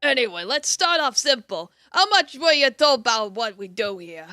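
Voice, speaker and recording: A cranky old crone of an office boss, put on by a woman reading a game aloud, all gruff and scolding. The voice sits fairly high and bright, recorded dry and close with faint music under it. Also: moderate pace, no echo. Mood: dismissive. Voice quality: gruff put-on Irish-style hag voice. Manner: curt, scolding, exasperated.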